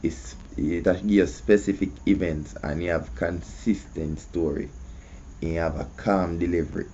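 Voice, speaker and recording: A man's voice: sits low, fairly even intonation, measured pace, mellow, a little hiss or hum. A man with a Jamaican accent hosting casual commentary, often asking "you see me". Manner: conversational, repeats "you see me". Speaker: host. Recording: muffled lo-fi audio.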